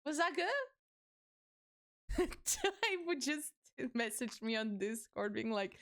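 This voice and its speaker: Her voice sits on the high side and is a bit bright, with big pitch swings, a slow pace, and frequent pauses. The young adult woman is casually chatting with her stream viewers, bubbly and giggly, cursing freely.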